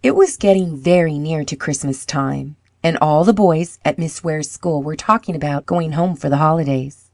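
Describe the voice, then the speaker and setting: A woman reading a children's storybook aloud, clear and measured. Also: low-pitched, darkish tone, no echo, studio quality.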